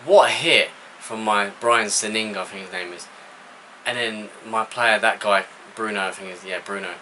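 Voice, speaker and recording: A fairly low, bright voice with a forceful tone comes from a young gaming YouTuber commentating his football video game live at normal speed, with a little hiss or hum. Frustrated, he shifts between muttering and outbursts.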